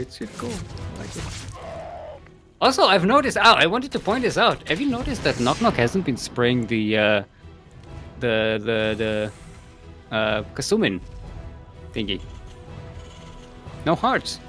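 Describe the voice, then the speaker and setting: An excitable male caster calling a live game, laughing often. His voice is bright and lively, with a wide, animated pitch range. He speaks at an unhurried pace, with faint music playing behind him. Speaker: esports caster.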